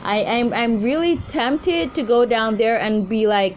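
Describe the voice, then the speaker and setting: A woman's voice: fairly high pitch, a little slow, hardly any pauses, highs cut off, slight background noise. A woman, talking to her viewers in a profane, rambling, exasperated rant. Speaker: intuitive reader vlogger. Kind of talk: casual ranting commentary.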